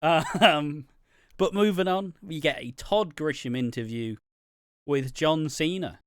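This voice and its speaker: A man's voice: fairly high pitch, takes it slowly, clear, resonant tone, no room sound, studio quality. A man co-hosting a wrestling review podcast, chatting casually with sarcastic, sweary asides and frequent laughs. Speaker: podcast co-host.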